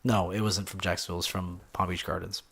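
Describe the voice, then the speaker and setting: A young man hosting a casual solo gaming podcast, rambling and excitable, swinging between low muttering and loud outbursts. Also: fast talker, vocal fry, breathy edge. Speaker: podcast host.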